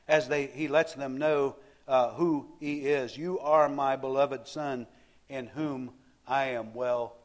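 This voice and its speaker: A man preaching a sermon, telling the story with frequent repeated words and restarts. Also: medium pitch.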